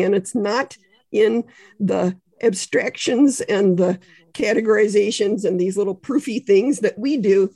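A woman's voice: medium pitch, unhurried, dark tone, husky, no room sound. A woman author, a podcast guest, explaining ideas in conversation with examples and frequent asides. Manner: explains ideas with examples, frequent "you know" and small laughs.

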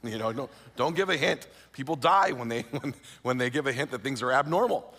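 A middle-aged man from California telling a personal story in a lively, self-mocking way, full of fillers and restarts and acting out the voices he quotes. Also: mid-range voice, brisk. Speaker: speaker. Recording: long reverb of a large hall.

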